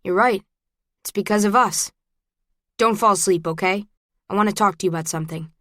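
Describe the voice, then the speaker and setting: A woman's voice: mid-range voice, a little fast, a bit bright, no echo, clean studio sound, natural voice. A woman voicing a confident, reckless young college man who speaks casually in an audiobook. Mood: easy.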